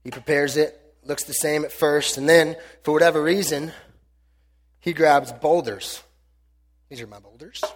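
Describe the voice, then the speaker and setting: A man preaching a sermon and telling the story in an animated, joking way. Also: on the high side, a little slow, in a large hall. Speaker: pastor.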